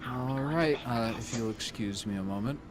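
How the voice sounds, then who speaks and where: A man's voice: mid-range voice, noisy background, lightly acted. A man voicing a courteous woman clerk at a shipyard front desk, in his own voice. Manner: brisk, courteous.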